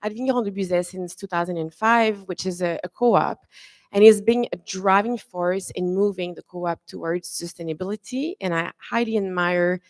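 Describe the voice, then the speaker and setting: A woman moderating a conference panel, chatty and warm to her guests, with many fillers and restarts. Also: on the low side, normal speed, no room sound. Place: conference room.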